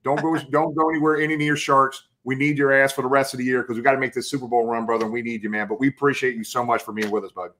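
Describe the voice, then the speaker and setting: Excitable fan host calling everyone brother. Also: male voice, medium pitch, rapid-fire, hardly any pauses. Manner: excitable, enthusiastic, keeps saying brother and man. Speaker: podcast host. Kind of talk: casual chat.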